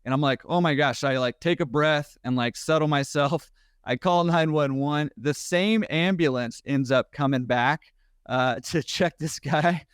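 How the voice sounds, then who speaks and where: With a fairly high, clean voice, a male podcast guest rattles off a wild story in casual fashion, animated and quick, cracking himself up as he goes. The sound is dry.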